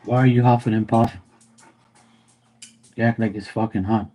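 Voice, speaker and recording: Low husky dude chilling on a live stream at home, dark mellow voice, joking with his dog and saying hi to viewers. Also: little pitch movement, normal speed. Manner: laid-back, teasing, greets viewers by name. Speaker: live stream tarot reader.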